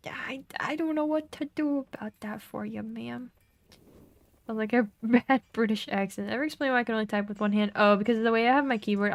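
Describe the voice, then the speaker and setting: A woman's voice: mid-range voice, dry recording. A young woman streaming a game, chatting casually, giggling often and reading game text aloud.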